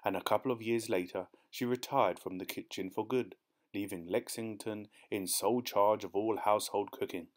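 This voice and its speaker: A man narrating an audiobook in a measured storytelling manner. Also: on the low side, fairly even intonation.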